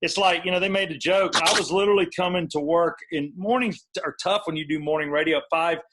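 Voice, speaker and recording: Middle-aged male podcast host, high-pitched voice, joking and laid-back. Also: fast, background noise. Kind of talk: casual chat.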